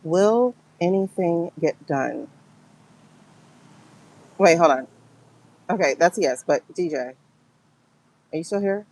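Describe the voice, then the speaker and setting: Emotional woman with a gravelly voice. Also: on the low side, animated, slow, pauses often, darkish tone, low-quality recording. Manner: emotional, exclaiming, talks to viewers as "girl". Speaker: tarot and pendulum reader. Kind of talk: livestream spiritual reading.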